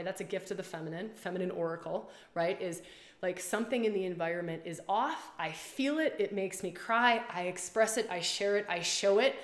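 Woman hosting a casual live stream, animated and blunt, repeats herself, roomy echo. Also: on the low side, brisk. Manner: animated, swears freely, repeats phrases. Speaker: women's circle and retreat leader.

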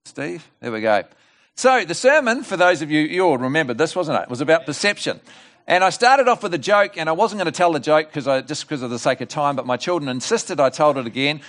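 A middle-aged man preaching a sermon at a church service, telling a joke as an animated storyteller with rambling asides and restarts. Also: on the high side. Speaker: guest preacher.

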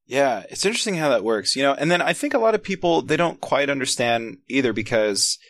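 A man's voice: mid-range voice, big pitch swings, a little fast, fairly bright tone, no room sound. A man interviewing casually, talking in a hesitant way full of fillers. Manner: hesitant, lots of fillers and "you know".

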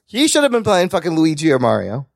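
A man's voice: fairly high pitch, huge pitch swings, quick pace, vocal fry, no room sound, studio quality. A man hosting a podcast in casual chat, joking and swearing freely. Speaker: podcast host.

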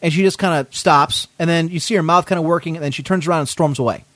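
A man's voice: a little high, fast talker, a bit bright, dry recording. A man hosting a podcast, telling a story in a casual, indignant way, swearing often. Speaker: podcast host.

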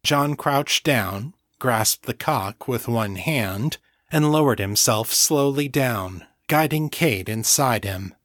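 A man narrates a novel at an unhurried, deliberate pace. His voice sits in a middle register and the recording is dry and close. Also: mid-range voice, animated, fairly bright tone, no echo. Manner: slow, measured reading. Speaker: audiobook narrator. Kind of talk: scripted narration.

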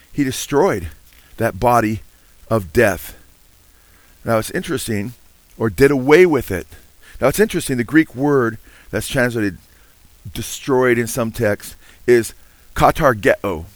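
A man's voice: mid-range voice, no room sound. Earnest preaching man, dry close sound. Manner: earnest preaching with frequent "amen" and rising emphasis. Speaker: pastor. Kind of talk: sermon.

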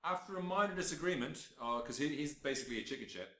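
A man talks films in a quick, casual rush, his voice bright and forward. He swears freely and jumps into acted-out bits of scenes. The sound is roomy, with an echo around him. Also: medium pitch. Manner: animated, profane, acts out scenes in bursts. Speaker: film podcast host. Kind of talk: casual film review chat.

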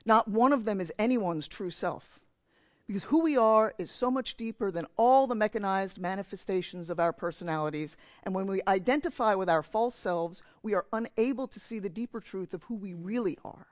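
A man's voice: high voice, normal speed, no room sound. A man from New Jersey giving a sermon in church, telling a candid, self-mocking story about himself. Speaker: preacher.

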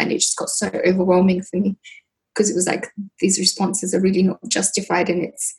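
A woman's voice: medium pitch, brisk, poor audio. A woman from Britain, a guest chatting casually and telling stories with lots of fillers. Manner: chatty, lively storytelling with frequent fillers. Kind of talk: casual conversation.

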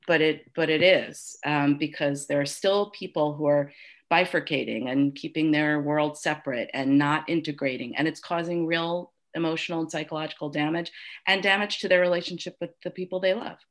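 A middle-aged woman telling a personal story as an interview guest, halting and heartfelt, with many restarts and fillers. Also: sits low, fairly even intonation.

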